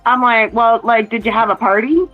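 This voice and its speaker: A woman's voice: on the high side, normal speed, phone-quality sound, faint music behind. A woman in casual chat, rambling through a family story and quoting what others said, heard over a phone. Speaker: mother chatting with a relative.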